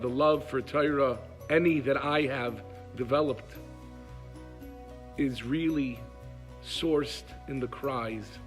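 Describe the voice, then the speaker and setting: A man's voice: mid-range voice, fairly bright tone. A man telling a moving story in an emotive way. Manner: emotive, acts out pleas in a raised voice. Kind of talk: heartfelt storytelling.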